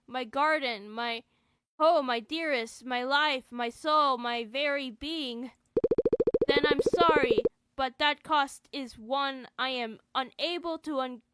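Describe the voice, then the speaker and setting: A man's voice: very high voice, heavy background noise. A woman voicing an earnest, polite young man devoted to his sweetheart.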